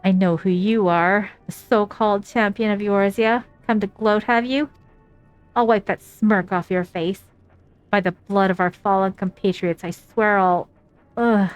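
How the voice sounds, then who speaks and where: A woman's voice: mid-range voice, fairly even intonation, a little slow, clean tone, no echo, muffled recording, soft background music, close to an everyday voice. Woman reading as a bitter wounded young soldier. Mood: hostile. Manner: reads game dialogue aloud, lightly dramatic.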